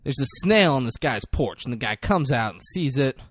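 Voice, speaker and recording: Animated profane man retelling a movie. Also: medium pitch, moderate pace, breathy edge, no echo, studio quality. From grew up locally. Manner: animated, profane, acts out characters' lines. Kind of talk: casual chat retelling a movie.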